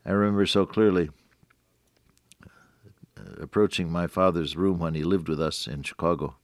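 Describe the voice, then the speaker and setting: Delivering a radio devotional sermon, an older man preaches earnestly in a deep, low voice, quoting scripture in old-fashioned wording and rising on key phrases. His intonation is fairly even and his pace moderate, and the recording is dry and close, with no room sound.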